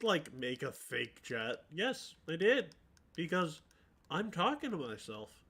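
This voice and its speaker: Male streamer talking to himself, self-mocking with mock-announcer bits, very animated pitch. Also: unhurried, breathy edge. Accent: mixed, hard to place. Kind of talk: solo livestream chatter.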